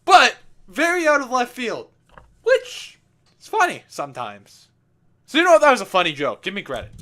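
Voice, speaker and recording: Lively high-voiced young man, laughing. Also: normal speed. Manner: animated, laughing, swearing, self-mocking. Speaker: commentary host. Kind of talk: director's commentary on own gameplay video.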